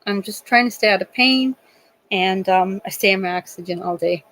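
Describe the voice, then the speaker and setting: A woman's voice: medium pitch, moderate pace, fairly bright tone, poor audio. A middle-aged woman with a northeastern Pennsylvania accent, chatting on a live stream in an emotional, rambling way, full of restarts. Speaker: livestream host. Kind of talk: casual live-stream chat.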